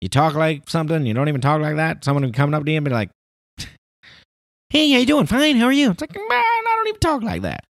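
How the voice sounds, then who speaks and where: A man's voice: quick pace, no room sound, clean studio sound. A man doing an impression of a male comedian telling a joke, in a mocking, incredulous tone. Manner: high-pitched animated impression.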